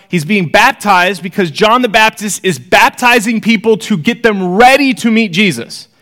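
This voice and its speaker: A man's voice: high voice, fairly bright tone. A man teaching a casual Bible study, reading scripture aloud with rising emphasis and chatty asides to listeners.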